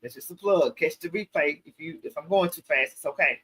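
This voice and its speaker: A woman hosting a casual livestream Q&A, telling stories in an animated, preachy way and calling her viewers y'all. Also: sits low, a little fast, husky. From American South. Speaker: show host.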